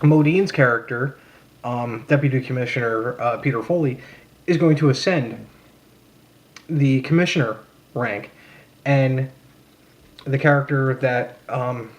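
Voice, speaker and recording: A man's voice: mid-range voice, measured pace, pauses often. Blunt, profane young man ranting. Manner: blunt, profane, sarcastic, with frequent fillers and restarts. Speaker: vlogger reviewing a film. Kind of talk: casual rant.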